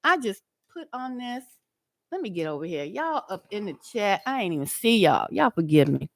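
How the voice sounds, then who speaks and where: A woman's voice: medium pitch, very animated, moderate pace, no echo. A woman hosting an outdoor livestream, chatting and preaching straight to her viewers. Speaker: livestream host. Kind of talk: casual livestream chat and teaching.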